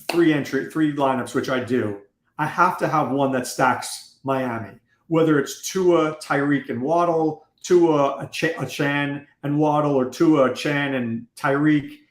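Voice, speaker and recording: A man talking fast and dryly about weekly picks, tossing question after question at his guest. His voice sits a bit high for a man and rings around a roomy, echoey space. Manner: quick, wry, asks probing questions. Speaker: fantasy football podcast host. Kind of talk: casual analytical chat. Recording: echoey room.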